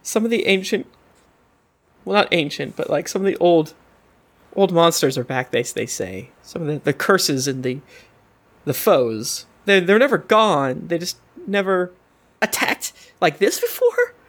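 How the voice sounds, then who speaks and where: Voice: mid-range voice, very animated, unhurried. A game master voicing a nervous young female Warforged attendant who rambles and corrects herself mid-sentence. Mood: anxious. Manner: rambling, flustered, self-correcting.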